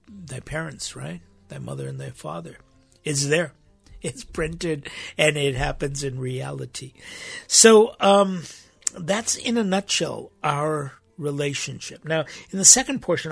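A man's voice: on the high side, creaky, fairly bright tone, slightly rough, dry recording. A man hosting a weekly faith program, talking reflectively and searching for his words with frequent restarts. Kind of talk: reflective spoken talk.

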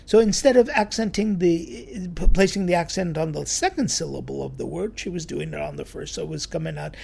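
A man telling a church story in a sermon, lively and acting out the quoted voices. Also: a little high, fairly quick, gravelly, husky. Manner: animated storyteller, acts out quotes.

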